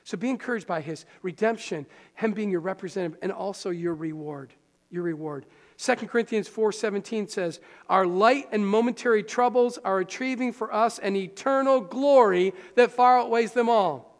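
A man pastor preaching a sermon in a conversational, animated way, with quick asides to the congregation. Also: high-pitched. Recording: long hall reverb.

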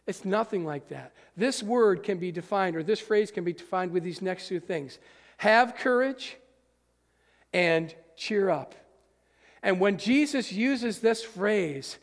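A man preaches in a high, gravelly voice, and his words trail off into the long reverb of a big church hall. He talks straight to his congregation, emphatic, moving between hushed and forceful. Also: animated, slow. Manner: addresses the congregation directly. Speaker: pastor. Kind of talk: sermon.

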